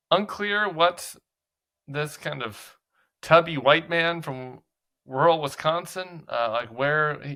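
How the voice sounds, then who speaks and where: A man's voice: mid-range voice, bright, forceful tone, clear, resonant tone. A man hosting political commentary, talking casually with a sarcastic, mocking edge.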